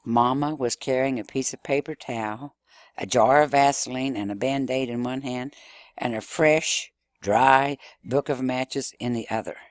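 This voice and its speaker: A man reading a novel aloud in an expressive first-person storytelling manner. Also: medium pitch, measured pace, no room sound. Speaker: reader.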